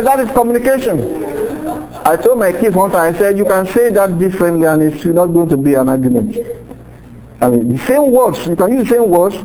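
A man's voice: high-pitched, dark tone, rough recording. A middle-aged man preaching a sermon in a conversational way, acting out little quoted exchanges as he teaches. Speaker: pastor.

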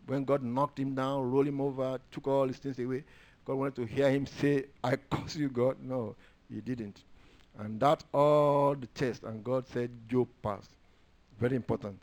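In a steady tone at normal speed, a preacher quotes and reads scripture during his sermon. He moves between soft, low asides and booming declarations, elongating words for stress.

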